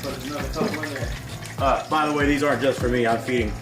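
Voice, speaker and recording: A man's voice: medium pitch, steady tone, quick pace. A man hosting a casual cooking demonstration in his home kitchen, talking in a laid-back, chatty way with folksy asides. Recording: roomy kitchen with music behind.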